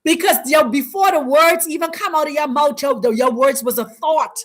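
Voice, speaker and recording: A woman hosting a spiritual teaching talk, speaking in an emphatic, preacherly way with repeated, drawn-out phrases. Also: sits high. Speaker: host.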